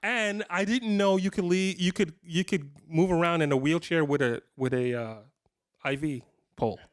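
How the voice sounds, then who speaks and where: At a guitar shop's clinic room, a man in his fifties with a somewhat high voice speaks at a normal pace. He tells rambling, self-deprecating stories to a live audience, restarting himself often.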